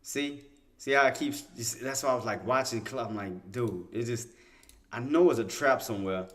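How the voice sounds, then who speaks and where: Guy doing live trading commentary, keeps repeating himself, restarts a lot, voice mid-pitched. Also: moderate pace. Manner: talks to himself, repeats phrases, restarts often; excited, insistent bursts. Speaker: day-trading livestream host.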